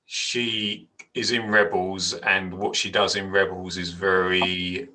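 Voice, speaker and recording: A man's voice: sits low, little pitch movement, takes it slowly, pushed and bright, a little hiss or hum. A man hosting a casual podcast chat, teasing his two co-hosts with a joking manner. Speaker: podcast host.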